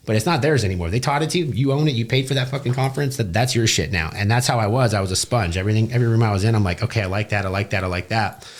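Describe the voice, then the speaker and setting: A man's voice: mid-range voice, very fast, few pauses, slight background noise. A young man, a business owner, telling his career story bluntly and profanely in a casual interview. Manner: blunt and profane, animated retelling.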